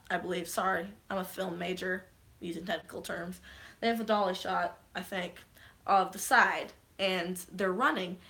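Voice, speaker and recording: A young woman vlogger with a bright, clear, mid-range voice gives a casual, eager spoiler recap of a movie she loved. She talks fast and loose, swears freely, says "um" a lot and jumps into quoted lines while retelling scenes.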